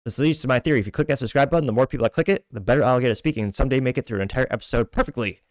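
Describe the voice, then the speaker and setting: A man's voice: mid-range voice, rapid-fire, dry recording, studio quality. A man hosting a podcast, casually reading social media comments aloud in a stumbling, self-deprecating way with frequent restarts. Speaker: podcast host.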